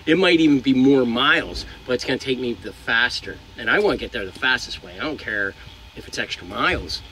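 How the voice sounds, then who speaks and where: A man's voice: mid-range voice, lively intonation, fairly quick, crowd noise, low-quality recording. A young man who drives trucks, giving frank, rambling advice to viewers, swearing now and then. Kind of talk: casual advice vlog. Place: inside a truck cab.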